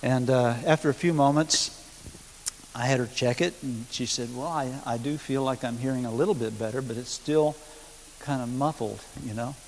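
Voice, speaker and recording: A middle-aged man, telling his testimony at a church seminar in a folksy, hesitant way, full of pauses and chuckles. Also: mid-range voice. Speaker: guest minister sharing testimony. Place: school hall. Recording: long hall reverb, hiss.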